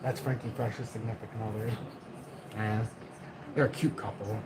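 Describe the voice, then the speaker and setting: Calm low-voiced middle-aged man. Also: moderate pace, heavy background noise. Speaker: livestream host. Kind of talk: casual live chat reading comments. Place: home.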